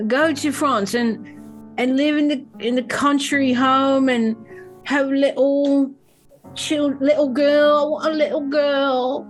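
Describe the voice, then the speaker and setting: A man's voice: extremely high pitch, fairly bright tone, full character voice, rough recording. A woman doing a drunk, weepy Cockney lad. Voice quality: slurred, pleading. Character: drunk, heartbroken young man with a Cockney accent.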